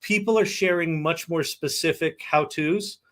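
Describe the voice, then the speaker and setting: Cheery guy cohost, kinda high voice, agrees a lot and laughs. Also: measured pace, a bit bright. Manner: upbeat, agreeable, laughs often. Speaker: co-host. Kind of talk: casual podcast chat.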